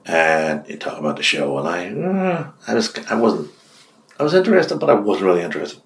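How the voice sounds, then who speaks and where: An older Irish man, a radio host, telling long anecdotes in an interview and acting out the dialogue with lively swings in his voice. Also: brisk. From Ireland. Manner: lively storyteller, acts out quoted dialogue with big pitch jumps. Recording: roomy echo.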